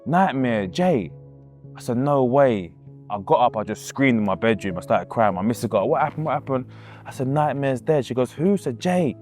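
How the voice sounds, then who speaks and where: A man tells a painful story from his own life in a casual, loose way. He acts out the people he quotes and keeps coming back to the same words. Faint music plays behind him. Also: lowish voice. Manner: casual, acts out quoted voices, repeats himself. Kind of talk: emotional personal storytelling.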